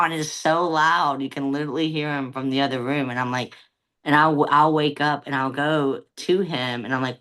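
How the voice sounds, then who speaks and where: A woman co-hosting a podcast in casual chat, an animated storyteller who acts out little voices for her pets. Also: low voice, normal speed. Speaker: podcast co-host.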